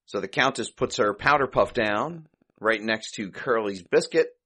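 A man's voice: fairly low pitch, animated, unhurried, sharp tone, husky. A man hosting a podcast, casually recapping an old comedy short, chuckling and thinking aloud as he goes. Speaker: podcast host.

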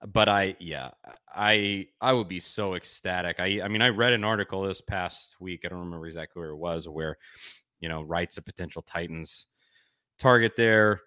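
A man's voice: sits low, normal speed, sharp tone, no room sound, studio quality. A man hosting a sports podcast, chatting with enthusiasm and rambling a bit as he restarts his sentences. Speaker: podcast host. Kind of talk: casual sports chat.

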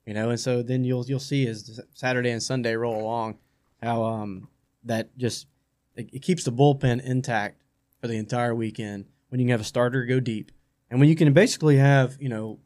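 A man hosting a radio sports talk show in a studio, chatting casually and rambling, often repeating his words as he gets excited. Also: mid-range voice, normal speed.

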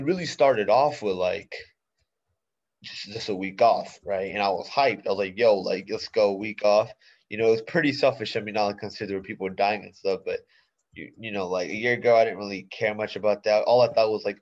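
Teenage guy, solo podcast host, casual slang, fillers everywhere, slightly low voice, dull lo-fi sound. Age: late teens. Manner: laid-back slangy talk, many fillers.

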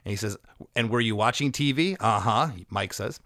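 An energetic man hosts a relaxed music conversation, picking apart a song section by section. He quotes lyrics in playful voices and sounds close and dry on the mic. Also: on the low side, brisk, no room sound. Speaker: podcast host. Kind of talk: casual music chat, breaking down a song.

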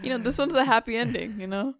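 Gravelly-voiced woman podcast host. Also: a little high, fast talker, no echo, studio quality. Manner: wry, laughing reactions, relaxed. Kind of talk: casual podcast chat.

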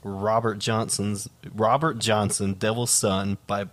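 A man's voice: on the low side, flat delivery, slow, fairly bright tone. A man co-hosting a comedy podcast, teasing dryly and swearing. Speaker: podcast co-host. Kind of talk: casual comedic podcast banter.

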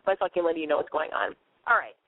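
A woman's voice: low voice, animated, rapid-fire, dry recording. A woman hosting a call-in advice podcast while sick, coughing and wheezing, talking in a brash, profane, playful way. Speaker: podcast advice show host. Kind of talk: casual call-in show monologue. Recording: phone-like narrow band.

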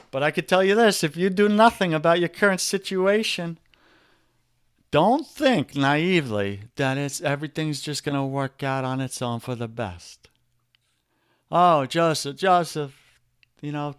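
A man's voice: a little high, fairly bright tone, clean tone, no room sound, clean studio sound. Emphatic New York man coaching. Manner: emphatic, preachy, talks straight to listeners as "brother". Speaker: guest, men's coach. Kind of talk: podcast interview.

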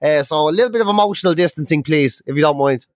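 A young man chatting on a podcast, ranting and swearing as he tells his stories. His voice sits high for a man. The sound is dry and close. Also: fast, no room sound. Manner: sweary, ranting, exasperated storytelling. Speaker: podcast co-host. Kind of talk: casual chat.

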